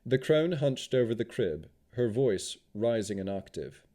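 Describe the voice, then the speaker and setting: A man narrating a fantasy audiobook with expressive storytelling. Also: mid-range voice, unhurried.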